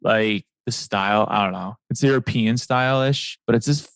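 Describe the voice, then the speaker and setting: A man hosting a podcast in casual interview chat, joking and excitable, talking in quick bursts. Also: mid-range voice, clear, resonant tone, no echo. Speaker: podcast host.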